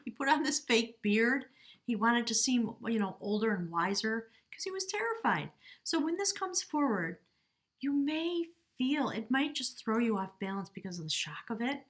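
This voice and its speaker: Lady doing a tarot reading to camera, chatty and warm-hearted, talks right at you, voice on the high side. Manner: chatty and heartfelt, addresses the viewer directly. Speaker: tarot reader.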